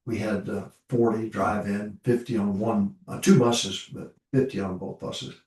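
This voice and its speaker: A man's voice: fairly low pitch, fairly even intonation, measured pace, darkish tone. An older man, a pastor, telling folksy stories in an informal ministry talk and repeating his points for emphasis. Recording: roomy echo, voice from far off the mic.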